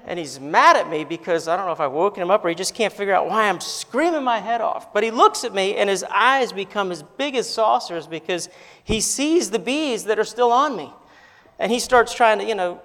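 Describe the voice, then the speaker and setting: A male pastor preaching a sermon, telling a story in an animated way and building to emphatic peaks. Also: sits high. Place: church sanctuary. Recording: reverberant hall.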